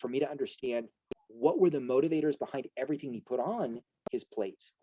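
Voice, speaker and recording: Middle-aged male coach, earnest talk full of rhetorical "right?" asides, mellow tone, dry close sound. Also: mid-range voice, a little fast, dry recording, rough recording. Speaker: strengths coach and host. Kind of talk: motivational talk to an audience.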